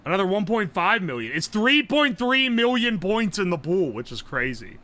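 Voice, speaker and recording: A young man, chatting casually on a live stream, loud and joking, swearing often and laughing a lot. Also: high voice, very animated, moderate pace. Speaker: livestreamer.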